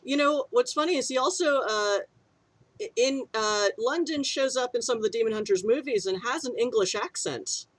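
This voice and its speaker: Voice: medium pitch, normal speed, no room sound. Chatty game master hosting a stream. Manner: chatty, scattered, laughing asides.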